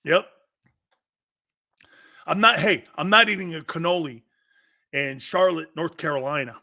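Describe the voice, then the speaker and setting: A middle-aged man hosting a sports talk show, telling stories in a lively casual way and slipping into quick mob-movie impressions. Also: a little high. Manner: animated storytelling, quick mob-movie impressions, laughs often. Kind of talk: casual chat.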